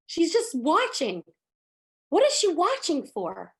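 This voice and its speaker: A woman teaching a religious lesson through emotive, animated storytelling, with many casual fillers. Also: very high-pitched, slow, long pauses.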